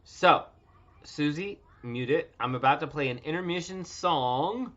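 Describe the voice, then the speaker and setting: A man's voice: a little high, a little slow, a bit bright. A man in his thirties hosting a casual livestream from home, loose, joking and profane. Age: 30s. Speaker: livestream host. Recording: dull lo-fi stream audio.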